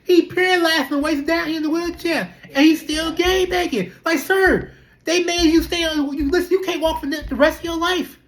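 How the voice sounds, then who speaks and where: With a very high voice at a moderate pace, a young vlogger rambles chattily to the camera in a casual monologue. The delivery is animated and packed with rhetorical questions and repeated fillers like "listen" and "you know."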